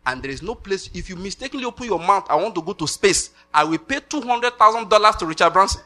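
High-voiced and fast, a middle-aged Nigerian man preaches animatedly, laughing and slipping into pidgin for the occasional aside.

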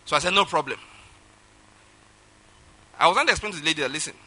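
A man's voice: a little high, lively intonation, quick pace, sharp tone, poor audio. A man preaching a sermon, telling a personal story and acting out phone calls with laughter. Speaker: pastor.

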